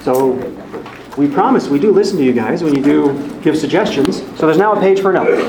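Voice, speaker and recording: Over a loud crowd, a man with a fairly high pitch and lively intonation talks a little fast, giving friendly, organized announcements to the live group of the Bible study he teaches. The church hall is echoey, with faint ambience.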